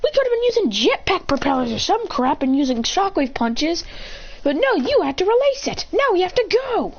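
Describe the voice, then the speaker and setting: A hot-headed young hero yells in a shrill, very high voice that leaps up and down, as a woman puts him on. The sound is dull and lo-fi, with a faint hiss behind it. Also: sing-song, moderate pace, full character voice. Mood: angry yelling. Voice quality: shrill and shouting. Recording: dull lo-fi recording.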